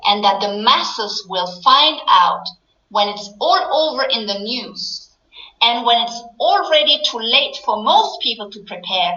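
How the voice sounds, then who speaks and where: A woman's voice: fairly high pitch, bright, forceful tone. A woman business coach giving an earnest, explanatory talk that addresses her audience directly. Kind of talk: motivational webinar talk. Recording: echoey, dull lo-fi sound.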